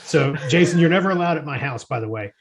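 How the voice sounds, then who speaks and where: A man's voice: a little high, animated, quick pace, vocal fry, crowd noise. A man co-hosting a podcast, teasing the others with crude, joking humor. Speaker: podcast co-host. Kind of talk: casual banter.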